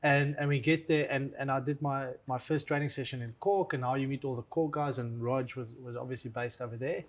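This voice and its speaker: A man's voice: mid-range voice, fairly even intonation, fairly quick. A man and former rugby player co-hosting a casual chat, eagerly prompting questions and repeating words as he starts his sentences.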